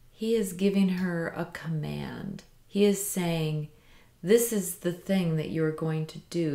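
A woman teaching a poetry lesson, explaining meter slowly and reading lines aloud with careful emphasis. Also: lowish voice, gravelly, darkish tone, roomy sound.

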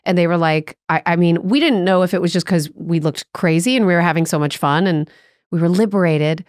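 A woman hosting a podcast, telling stories in a playful, animated way. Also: on the low side, fairly quick, no echo, studio quality. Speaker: podcast host. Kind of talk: casual chat.

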